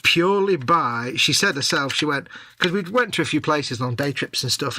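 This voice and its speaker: A man's voice: on the high side, animated, moderate pace, few pauses, sharp tone. A man chatting casually and telling wry stories while he works as co-host of a live stream. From England. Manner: chatty, storytelling, wry exaggeration. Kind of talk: casual chat while working. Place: home workshop.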